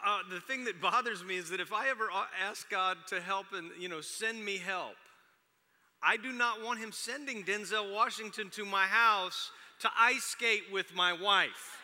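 A pastor in his forties preaches a sermon in a high, bright, forceful voice at normal speed. He tells chatty, self-deprecating stories about his family, and a large hall's long reverb surrounds him.

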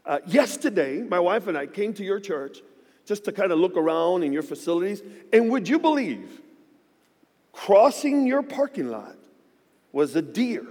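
Fifties guy preaching in a church, higher voice, big echo off the walls, cracks jokes as he tells stories. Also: normal speed. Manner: animated storytelling with joking asides. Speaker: guest pastor. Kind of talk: sermon. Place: church sanctuary.

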